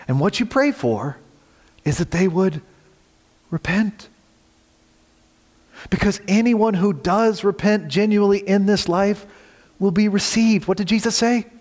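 A male pastor gives an earnest sermon in a fairly high voice, unhurried and pausing often. He alternates strong emphasis with soft, hushed lines, and the long reverb of a large hall rings around him.

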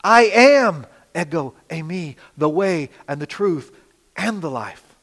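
A man preaching a sermon, dramatic, with rhetorical questions, swinging between loud emphasis and quiet asides. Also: fairly high pitch, a little slow. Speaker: pastor. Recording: long reverb of a hall.

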